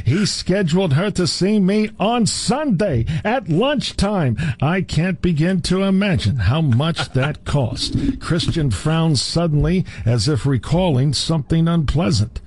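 A man's voice: a little high, expressive, measured pace, hardly any pauses, darkish tone, no echo. An older man reading a novel aloud in a mock-prim, scandalized tone that keeps slipping into laughter. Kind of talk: comic dramatic reading.

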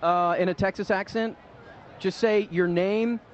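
A man's voice: high voice, steady tone, a little slow, dull audio. Joking man interviewing outdoors. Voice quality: joking, teasing banter. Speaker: event interviewer. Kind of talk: live on-air roaming interview. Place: outdoors at a crowded event.

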